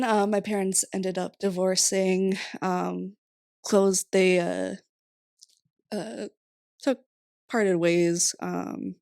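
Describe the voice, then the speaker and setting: A woman's voice: on the low side, gravelly, darkish tone, no room sound, clean studio sound. A young woman in her twenties from Rhode Island, chatting casually as a podcast guest, laughing often and saying "like" a lot. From Rhode Island, USA. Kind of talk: casual interview chat.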